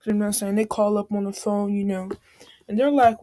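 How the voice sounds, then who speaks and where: A woman's voice: mid-range voice, steady tone, brisk, dark tone. A woman casually retelling a made-up fan story, rambling in slang with constant fillers.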